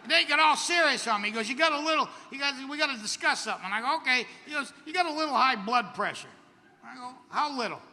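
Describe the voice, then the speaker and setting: A middle-aged man works a stand-up set with a wry, self-deprecating, punchy delivery. His voice sits unusually high and cuts through sharply bright. The live stage sound carries a long reverb tail over faint crowd ambience. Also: lively intonation, fast, a little hiss or hum. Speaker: stand-up comedian. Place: outdoor comedy stage at a camp festival.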